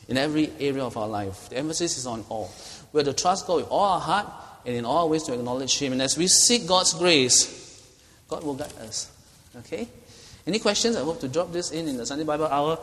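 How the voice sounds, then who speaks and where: A man's voice: fairly high pitch, brisk, a bit bright. A middle-aged man, teaching a Bible study as pastor in a conversational way, often checking in with "okay?". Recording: long hall reverb.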